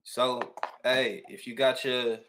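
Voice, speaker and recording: A man's voice: mid-range voice, fairly even intonation, unhurried, noisy background. A man hosting a casual livestream interview, hyped and slangy, cheering his guest on. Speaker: host.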